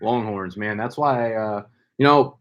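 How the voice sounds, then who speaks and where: A young man hosting a casual live stream, loud and playful, hyping up names with slang and swearing. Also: lowish voice, a little slow, dull audio. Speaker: fantasy football streamer.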